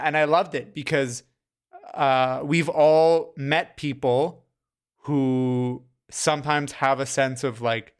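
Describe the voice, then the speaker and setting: A man's voice: mid-range voice, clear, resonant tone. A man co-hosting a casual film chat, thoughtful and earnest. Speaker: film podcast co-host.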